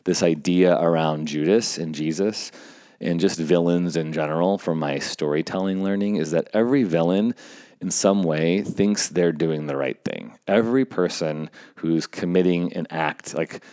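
His voice is low and dark, captured cleanly in a studio with no room sound, and he keeps a moderate pace. Chatting about his job as an event stage manager, he wanders through the tale with fillers and performs the lines others spoke.

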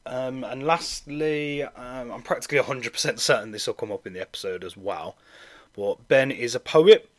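A man hosts a podcast in an easygoing way. He talks in a chatty, informal manner, drops in plenty of ums and calls his guest "mate". His voice sits in an ordinary middle pitch. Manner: chatty, relaxed, with many ums and a friendly "mate". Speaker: podcast host. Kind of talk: casual podcast chat.

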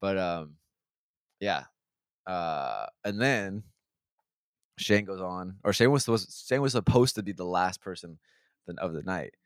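A young podcast host with a low, clear, resonant voice tells an animated, rambling story packed with profanity in casual chat. He keeps restarting sentences and slipping into quick impressions of the people involved, all in close, dry sound.

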